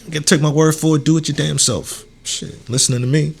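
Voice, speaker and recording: A man's voice: a little high, fairly even intonation, fast talker, creaky. A young adult man hosting his own podcast, talking loosely in a casual solo monologue, swearing freely and leaning on "you know what I'm saying.". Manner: swears freely, heated then warm and encouraging. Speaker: podcast host.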